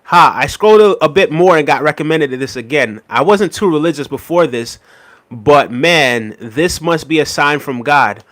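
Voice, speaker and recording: A man hosting a casual livestream, reading out viewer comments and thanking them in a relaxed, easygoing way with soft laughs. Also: on the high side, moderate pace, no echo. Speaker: livestream host. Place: New York City.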